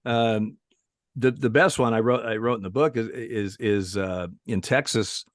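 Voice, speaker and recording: An older man in his sixties tells stories with frequent chuckles and restarts. He sounds like a retired umpire on an interview. His voice is low-pitched and recorded dry with no room sound. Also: steady tone, a little slow, dry recording. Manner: chuckling storyteller with many restarts. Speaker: retired baseball umpire, guest. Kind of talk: casual anecdote telling in an interview.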